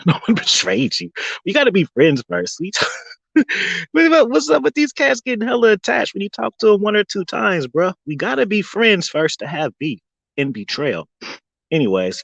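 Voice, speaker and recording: Man, husky voice, bouncy lively pitch, dry close sound, casual livestream rant, mocking. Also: normal speed, no echo, poor audio. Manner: animated, mocking, laughs often between lines.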